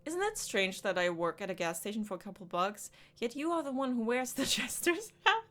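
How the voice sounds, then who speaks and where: A woman's voice: fairly high pitch, sing-song, a little fast, fairly bright tone, pitched above the performer's own voice. A woman reading a wry gas station cashier. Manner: sarcastic, playful.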